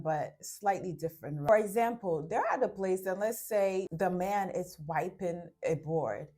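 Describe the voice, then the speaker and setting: Speaking to camera in a relaxed way, a woman offers relationship advice using everyday examples, acting out small quotes and frequently asking "right?". Her voice is on the low side with a dark tone.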